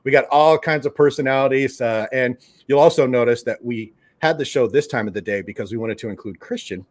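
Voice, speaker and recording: A man hosting a live stream in a relaxed, jokey way, calling out viewers by name. His voice sits in a middle pitch, neither high nor low. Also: fairly quick. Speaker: host of a collectibles show's live stream. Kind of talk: casual live-stream chat.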